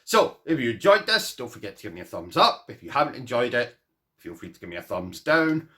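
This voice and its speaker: Animated man telling a funny story. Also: mid-range voice, fairly quick. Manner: animated, self-mocking, rambling with asides. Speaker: vlogger. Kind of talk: comic personal storytelling to camera.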